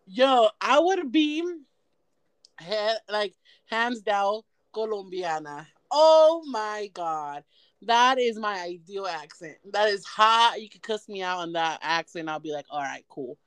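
Lively, foul-mouthed young woman host. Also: medium pitch, slow pace, clean tone, no room sound. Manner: crude, laughing banter. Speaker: podcast host. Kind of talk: casual chat.

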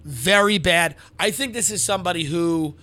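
A man's voice: high-pitched, moderate pace, bright, forceful tone. A man co-hosting a podcast in casual banter, blunt, brash and profane, giving unfiltered advice. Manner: puts on mocking voices. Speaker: podcast co-host.

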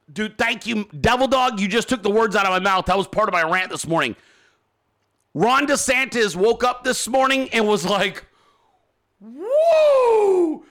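High, bright-voiced man on a profane rant. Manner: profane, mocking, ranting. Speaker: show host. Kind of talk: political commentary rant.

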